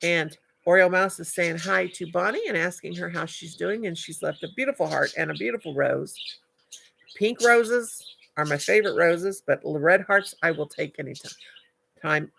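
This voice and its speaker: Older woman, gravelly and bright, chatty live-stream host who calls everyone darling. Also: sits low, moderate pace, a little hiss or hum. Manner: chatty, affectionate, calls viewers darling and honey. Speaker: livestream host. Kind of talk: casual live-stream chat reading comments.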